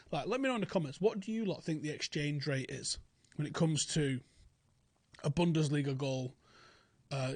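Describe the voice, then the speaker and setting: A man's voice: a little high, dry recording. A young man, hosting casual football transfer talk, blunt, sweary and often incredulous. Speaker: football channel host.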